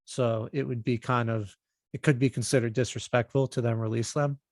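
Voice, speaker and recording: A man's voice: mid-range voice, fairly even intonation, a little fast, no room sound. Upbeat guy cohosting a podcast, jokes about himself, dry close mic. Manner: upbeat, self-joking. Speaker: podcast co-host. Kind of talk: casual chat.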